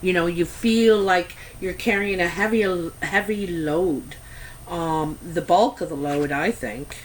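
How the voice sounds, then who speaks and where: A woman's voice: fairly low pitch, takes it slowly, a little hiss or hum, low-quality recording. A Canadian woman giving a casual tarot reading to camera, chatty and meandering, with many ums and asides. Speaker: tarot reader.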